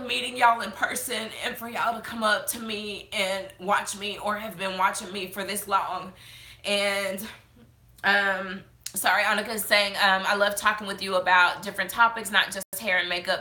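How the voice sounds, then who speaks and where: Bright-voiced tearful woman chatting. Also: mid-range voice, steady tone, moderate pace, reverberant. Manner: chatty, heartfelt, many fillers and restarts. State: tearful, fighting back crying. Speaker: beauty vlogger hosting a live chat. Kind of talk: casual live-stream chat reading comments.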